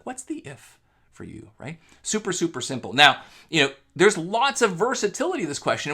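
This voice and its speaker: A man speaking as a sales coach, his voice bright and edged with gravel. He talks to camera in an energetic, conversational way, with a lively, swooping pitch. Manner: energetic, conversational, many fillers. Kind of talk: casual talk to camera.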